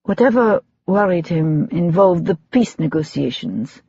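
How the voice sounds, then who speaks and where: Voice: medium pitch, animated, unhurried, warm tone, a little hiss or hum. An audiobook narrator reading a period mystery in scripted narration. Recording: dull lo-fi audiobook recording.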